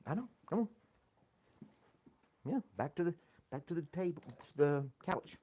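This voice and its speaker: A podcast host speaks a little slowly, with long pauses, in a warm, expressive, fairly high voice. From his home studio with foam on the walls he hosts a casual coffee live stream, chatting, laughing a lot, reading the chat and talking to his dog.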